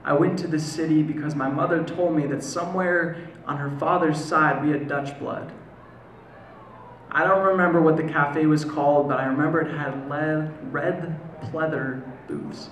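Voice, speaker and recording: American man performing spoken word, gravelly. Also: on the high side. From United States. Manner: measured, deliberate delivery with slow, lingering pauses. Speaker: poet. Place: live performance venue. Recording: echoey room, faint ambient noise.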